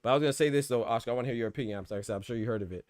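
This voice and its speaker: A man's voice: mid-range voice, very fast, darkish tone, dry recording. A man hosting a casual boxing podcast livestream, talking loosely in slang and laughing often. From Florida.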